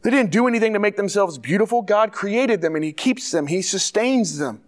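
Pastor guy preaching, higher-pitched voice, earnest, lots of rhetorical questions. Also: animated, brisk. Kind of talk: sermon.

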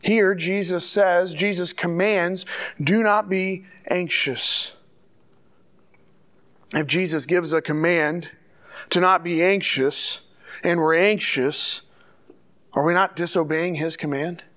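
A man's voice: high-pitched, fairly even intonation, unhurried, fairly bright tone. A pastor preaching a sermon to his church, earnest and full of rhetorical questions.

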